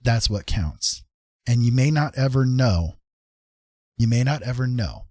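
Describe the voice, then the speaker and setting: A man hosting a casual live-stream chat, earnest and reassuring, talking haltingly with many fillers and restarts. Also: medium pitch, lively intonation, darkish tone, no echo, studio quality. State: getting a little emotional.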